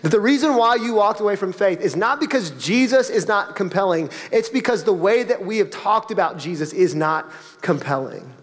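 Guy preaching, kinda high voice, chatty then punchy, big reverby church room. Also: expressive, normal speed. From South Florida. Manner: conversational preaching with rising, emphatic peaks. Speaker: pastor. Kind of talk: sermon. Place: church auditorium. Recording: long reverb of a church hall.

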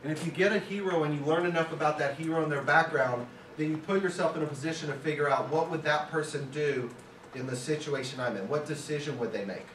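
A man's voice: fairly high pitch, quick pace, fairly bright tone, echoey room. Brief: male guest speaker, casual anecdotal lecture, distant mic, faint room hum. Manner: conversational, anecdotal. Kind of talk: classroom lecture with stories. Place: film school classroom.

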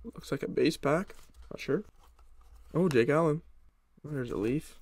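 A man's voice: on the high side, a little slow, no echo. A young man chatting casually to his viewers while opening packs of trading cards. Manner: excited, chatty, talks to viewers. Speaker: card-opening YouTuber. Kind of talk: casual pack-opening commentary.

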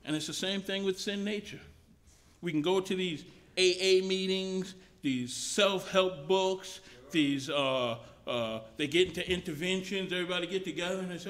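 A man's voice: on the high side, moderate pace, a bit bright. A man preaching a sermon at a mission service, conversational and often restarting phrases.

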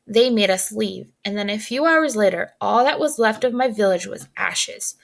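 A gentle young troll boy with a soft, earnest and sorrowful way of talking, as a woman reads him aloud. His voice carries a light gravelly edge. He belongs to a read-aloud storybook. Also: medium pitch, lively intonation, moderate pace. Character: gentle young male troll, polite and sad.

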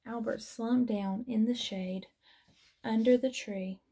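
A woman teacher reading a children's storybook aloud in a gentle, expressive manner. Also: fairly high pitch, slow pace, gravelly, husky.

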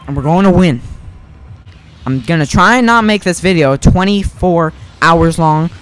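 A young man giving casual, excitable commentary on his own gameplay, self-mocking and prone to repeating himself. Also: on the high side, measured pace, clean tone. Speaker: gaming YouTuber.

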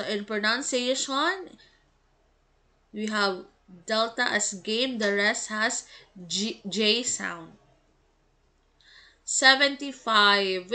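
A woman reads out a pronunciation quiz as a teacher, sounding out each word slowly and deliberately. Her voice sits a little high and has a bright, crisp edge. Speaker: English teacher. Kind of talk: reading quiz items and answers.

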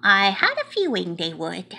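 A woman's voice: mid-range voice, huge pitch swings, moderate pace, gravelly, bright, forceful tone, exaggerated voice. A woman voicing a cute, chatty little male mouse who reads a picture book aloud in a childlike, playful way with broken grammar. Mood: cheerful. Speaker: storybook reader.

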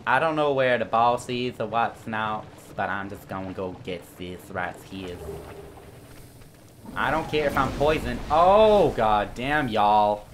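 Young male gamer, lively pitch, slow drawl, cursing let's play commentary with a faint hiss behind him. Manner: swearing, swings from low grumbling to shouting. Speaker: gaming YouTuber.

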